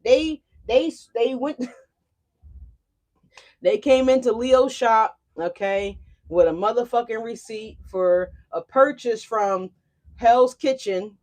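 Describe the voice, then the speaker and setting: A young adult woman gives a casual tarot reading in a fairly high voice. She is lively and profane and speaks straight to her viewers. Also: takes it slowly. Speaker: tarot reader.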